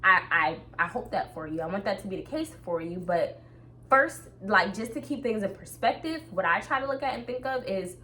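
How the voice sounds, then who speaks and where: An upbeat young woman talks straight to her viewers in a casual, motivational vlog, laughing easily between thoughts. Her voice sits at an ordinary middle pitch for a woman. A faint hiss runs quietly underneath. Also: lively intonation, moderate pace. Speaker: vlogger. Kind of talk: casual talk to camera.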